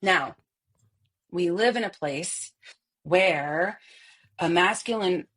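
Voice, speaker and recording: A woman voice coach explaining voice as a guest on a video call, lively and quick to laugh between her points. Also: lowish voice, husky. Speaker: voice coach and opera singer.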